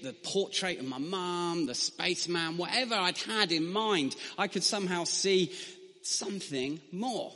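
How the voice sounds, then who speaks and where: Bright-voiced man preaching with humor. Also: high-pitched, big-room sound. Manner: humorous, self-deprecating anecdotes. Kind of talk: storytelling sermon.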